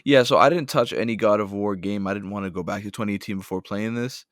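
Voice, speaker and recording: A man's voice: fairly low pitch, quick pace, no echo, clean studio sound. A man chatting casually on a podcast, blunt and rambling, swearing freely. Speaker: podcast guest.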